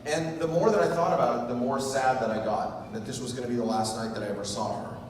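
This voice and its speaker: Animated groom telling a story in an echoey hall. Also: male voice, medium pitch, quick pace. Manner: animated, self-mocking storyteller. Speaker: groom giving a wedding speech. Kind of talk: comedic storytelling speech. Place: large reception hall. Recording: echoey hall, voice from far off, audible room noise.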